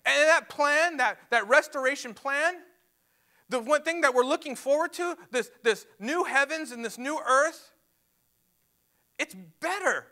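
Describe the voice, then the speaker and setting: A man's voice: extremely high pitch, unhurried, sharp tone. A man preaching a sermon to a church, emphatic and repeating words as he builds his points. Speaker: pastor. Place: church sanctuary.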